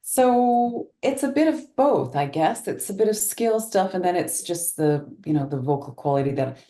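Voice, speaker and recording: A woman's voice: fairly low pitch, expressive, moderate pace, dark tone, echoey room. A woman guest talking casually and thoughtfully on a podcast, laughing easily. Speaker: voice actor guest.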